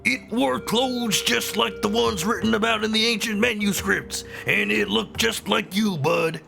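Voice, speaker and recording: A man's voice: high voice, unhurried, bright, forceful tone, pitched above the performer's own voice, exaggerated voice. A man voicing a boisterous male rock-creature explorer with a growling macho wrestler drawl, reading game dialogue on a live stream. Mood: gruff, boisterous. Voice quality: gravelly. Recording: game music underneath.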